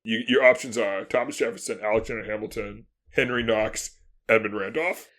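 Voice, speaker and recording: A male podcast co-host in casual history chat, animated, acting out historical figures in quick asides and laughing often. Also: lowish voice.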